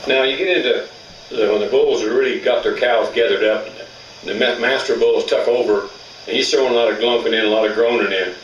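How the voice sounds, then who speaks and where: A man's voice: medium pitch, fairly quick, dull audio. Plainspoken elk-call instructor, man, caught from a distance with echo and background noise. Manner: plainspoken, folksy, rural grammar. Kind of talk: outdoor hunting instruction.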